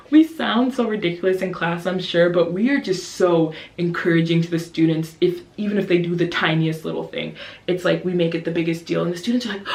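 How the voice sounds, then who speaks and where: A woman in her twenties, an English teacher vlogging casually to camera, who keeps slipping into high, lively voices to act out her students and herself. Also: fairly quick. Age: 20s. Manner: animated, acts out kids and teachers in high voices. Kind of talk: casual vlog talk to camera. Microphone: camera's built-in mic. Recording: roomy echo.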